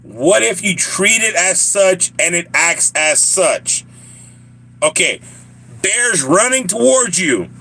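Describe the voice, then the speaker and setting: A man's voice: high-pitched, lively intonation, takes it slowly, gravelly, sharp tone, husky. Laughing joking man with a Southern accent. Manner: joking, laughing often, rambling to chat. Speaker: live streamer. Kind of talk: casual live stream chat.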